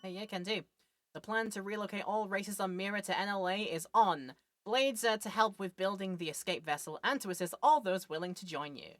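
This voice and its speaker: A woman with a mid-range voice talks a little fast over faint background music while playing a video game. Her casual let's-play commentary is chatty and jokey, and she thinks aloud.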